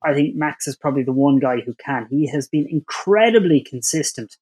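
Slightly husky, higher-voiced man. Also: expressive, normal speed, a little mellow. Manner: confident, teasing, uses many "you know" fillers. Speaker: podcast co-host. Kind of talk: casual chat.

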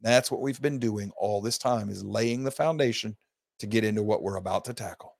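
A man's voice: on the low side, a little fast, gravelly, a little mellow, no room sound. A man teaching a recorded Bible study class, talking emphatically and stressing his points, often restarting mid-word.

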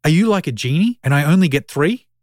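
A man's voice: on the high side, animated, fast talker, no room sound, studio quality, pitched above the performer's own voice, lightly acted. A man voicing Pete, a baffled, glum adult man who questions in a bewildered, hesitant way. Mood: curious.

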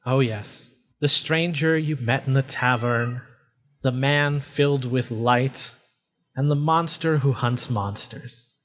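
A bodiless female voice speaks out of the void in a tabletop game, gloating and mocking in a middle-pitched tone, as a man plays her. She relishes every bit of suffering she hears about. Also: takes it slowly, a bit bright. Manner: taunting, relishing others' pain. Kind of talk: tabletop role-play voice acting.

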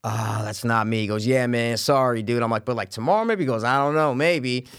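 A man telling a long story in casual chat, animated and swearing freely, acting out what others said. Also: medium pitch, fairly quick, smooth.

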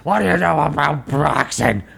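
A man imitating a gruff older male boxing trainer who lectures insistently. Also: on the high side, expressive, moderate pace, fairly bright tone, exaggerated voice.

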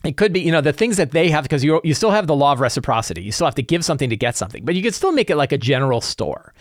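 Lively man sharing game-master tips. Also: on the high side, very fast, dry recording, studio quality. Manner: animated, acts out players' reactions. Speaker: tabletop game master giving advice. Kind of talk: casual tips talk.

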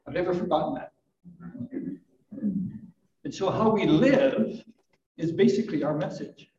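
A man in his fifties or older preaching a live sermon, gentle and reflective, with light self-deprecating humor. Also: sits high, lively intonation, unhurried, pauses often. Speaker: pastor. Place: church hall at a live service. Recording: roomy, distant, dull live recording.

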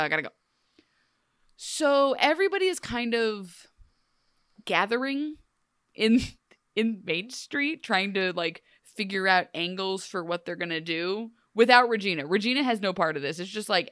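A woman co-hosting a casual TV recap chat, sarcastic and animated, with many "like"s. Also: medium pitch, moderate pace, no echo, clean studio sound. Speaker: podcast co-host.

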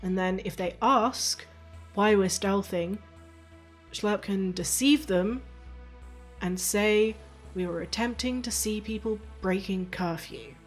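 A woman playing a tabletop game, calmly thinking aloud as she plans. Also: medium pitch, slow pace, faint music behind. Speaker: player.

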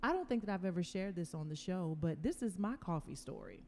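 Woman podcast host from Tennessee, mellow and slightly low, animated storyteller, reverby room with faint hiss. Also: fairly quick, creaky. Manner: animated storyteller, laughs easily. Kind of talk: casual interview chat. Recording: long reverb, faint background noise.

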